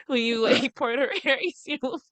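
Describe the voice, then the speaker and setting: A woman's voice: high voice, steady tone, fast talker, a bit bright, no room sound. A woman co-hosting a podcast in casual chat, gossiping bluntly with frequent cursing and laughing through her sentences. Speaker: podcast co-host.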